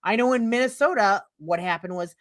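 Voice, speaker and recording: A woman's voice: mid-range voice, fairly quick. A middle-aged woman streaming commentary, reading a text aloud and breaking into heated, profane, sarcastic rants. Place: home streaming setup.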